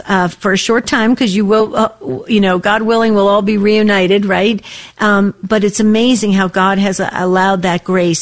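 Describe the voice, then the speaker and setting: A woman co-hosting a faith-based call-in radio show, speaking in a gentle, encouraging way to a caller. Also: mid-range voice.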